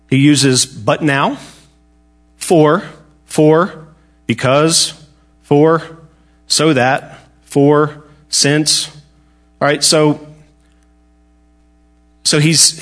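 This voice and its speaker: A man teaching a Bible study lesson in a casual, conversational way, joking now and then and often restarting his sentences. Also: mid-range voice.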